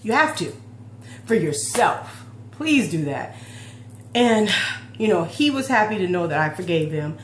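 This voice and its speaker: A woman's voice: lowish voice, sing-song, a little slow, pauses often. Heartfelt woman in her forties, roomy echo. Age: 40s. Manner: heartfelt, emotional, rambling with restarts. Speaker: fitness vlogger. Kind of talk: personal confessional vlog talk. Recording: roomy echo with faint hum.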